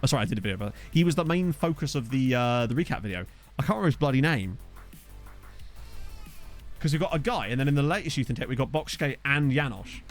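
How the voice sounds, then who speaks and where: A man's voice: medium pitch, expressive, fast, faint music behind. A young man casually chatting to his live chat while playing a game, rambling and reacting as he goes, into a desktop microphone. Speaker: gaming streamer. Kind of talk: casual live-stream commentary. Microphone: desktop USB microphone.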